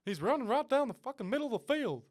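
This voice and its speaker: A man doing an impression of a cartoon dad as a gruff middle-aged football coach, scolding and cursing in a drawl. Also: extremely high pitch, big pitch swings, fast, voice pushed up.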